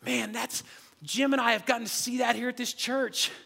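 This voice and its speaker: A man preaching a sermon as pastor of a church, talking to the congregation in a lively, conversational way. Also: extremely high pitch, moderate pace, vocal fry. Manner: energetic, conversational preaching, drops to a hushed voice near the end. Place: church sanctuary. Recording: long reverb of a large hall.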